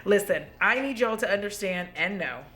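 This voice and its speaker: A tipsy woman hosting a casual makeup review vlog from home, gushing, excitable and swearing freely. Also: mid-range voice, normal speed. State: tipsy from drinking. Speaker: beauty vlogger.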